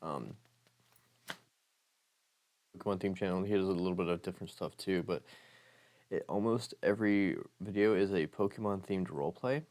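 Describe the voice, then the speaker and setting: Speaking at a moderate pace with long pauses, a young man with a low, darkish voice hosts an ASMR channel from a room stocked with Pokemon items. His casual talk about other creators wanders and hesitates, heavy on fillers, and his voice sounds somewhat off.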